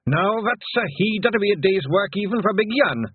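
A tiny, fierce pixie warrior chief with a broad Scottish accent, as a man puts him on. He bellows his lines high, loud and gruff through a husky throat. The sound is thin and phone-like. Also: animated, moderate pace, dry recording. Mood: urgent shouting.

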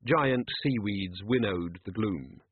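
A man narrating an audiobook in an unhurried, dry storytelling manner. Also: on the low side, husky, dry recording. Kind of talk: audiobook narration doing character voices. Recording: tinny lo-fi dry recording.

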